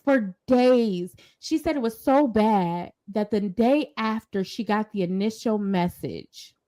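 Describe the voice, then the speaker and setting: A woman's voice: mid-range voice, slow pace. A woman co-hosting a casual pop-culture podcast, telling stories emphatically and acting out the quotes. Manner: animated, emphatic storyteller, acts out quotes. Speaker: podcast co-host.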